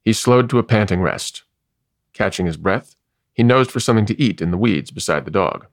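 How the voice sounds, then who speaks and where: A man narrating a storybook in a low, gravelly voice with lively, sweeping intonation. His reading is measured and wry. The recording is dry and close, with no room echo.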